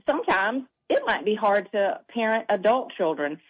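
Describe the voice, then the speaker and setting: A woman's voice: medium pitch, very animated, normal speed, breathy edge. An older woman with a Southern accent, a guest author chatting casually and telling family stories. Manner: warm storytelling. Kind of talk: casual chat. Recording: dull lo-fi sound.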